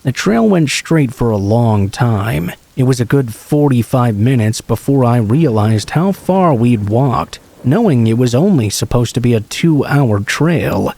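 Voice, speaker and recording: A man calmly reading true scary stories aloud as a steady, scripted horror narration. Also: mid-range voice, unhurried, creaky, hardly any pauses.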